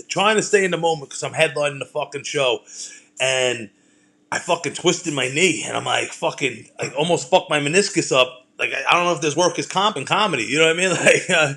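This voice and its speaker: A man's voice: on the high side, sharp tone. A man, a comedian and host, talking in a loose, rambling monologue full of swearing and self-deprecating jokes. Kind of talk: casual monologue.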